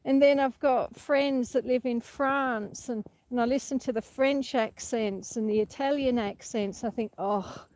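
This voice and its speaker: A woman's voice: fairly high pitch, steady tone, a little slow, hardly any pauses, darkish tone. A woman with an Australian accent hosts a live stream while walking through a paddock on her rural property. She chats in a rambling way, laughs often and answers comments from her viewers. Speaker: homestead vlogger hosting a live stream.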